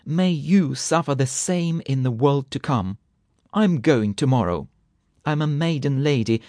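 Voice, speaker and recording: A man voicing a stingy, scolding housekeeper woman who rails angrily and talks fast. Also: medium pitch, mellow, no room sound, clean studio sound. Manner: angry, rapid, railing.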